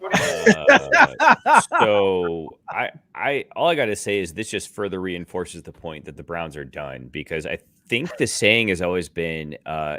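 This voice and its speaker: A man co-hosting a podcast in casual chat, deadpan and sarcastic over a call mic. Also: low voice, unhurried, no echo. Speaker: podcast co-host.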